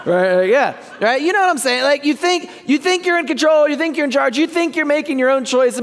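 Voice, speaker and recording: A male pastor giving a casual, joking sermon, often checking in with the congregation. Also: high voice. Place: church sanctuary. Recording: long church hall reverb.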